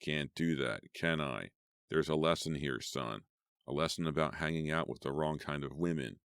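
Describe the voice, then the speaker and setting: A man voicing a cruel, jovial middle-aged killer who taunts his captives in a low, menacing way. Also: normal speed, gravelly, a bit bright, smooth, no echo, studio quality, exaggerated voice.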